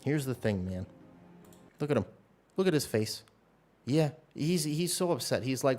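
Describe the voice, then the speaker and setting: A man streaming a game, calmly talking through his play and chatting with viewers in a relaxed, thinking-aloud way. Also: mid-range voice, moderate pace. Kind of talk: live gameplay commentary and casual chat.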